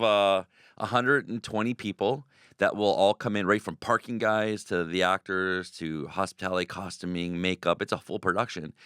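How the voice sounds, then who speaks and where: A man's voice: low voice, clean tone, dry recording, clean studio sound. A man, a haunted house owner telling stories in an interview and acting out the voices of the people in them. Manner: excitable, acts out quoted voices. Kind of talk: animated radio interview storytelling.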